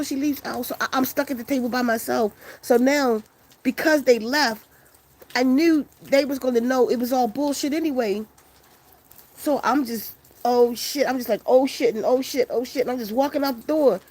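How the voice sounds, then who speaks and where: In a slightly rough, a little high voice at normal speed, a woman gives her viewers a loose, profane, animated account of a long story. She quotes the people involved, acting them out.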